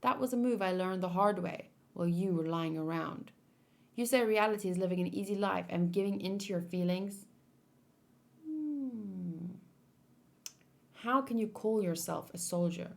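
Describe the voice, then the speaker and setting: Woman reads a fiery young soldier, indignant and forceful, in a manga read-along. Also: medium pitch, moderate pace, gravelly, lightly acted. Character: angry idealistic young male soldier.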